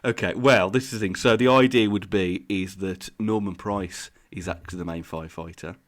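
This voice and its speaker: Low-pitched with fairly even intonation and normal speed, a podcast co-host chats casually. He's an eager explainer who rambles and laughs frequently.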